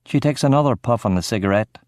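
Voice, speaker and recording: A man giving steady, measured first-person narration of a crime novel audiobook. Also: medium pitch, dry recording, clean studio sound.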